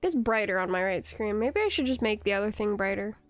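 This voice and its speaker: A woman's voice: mid-range voice, lively intonation, brisk. A young woman streaming a game, chatting casually, rambling and giggling as she answers her chat. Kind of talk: casual live-stream chat while gaming. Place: home computer setup.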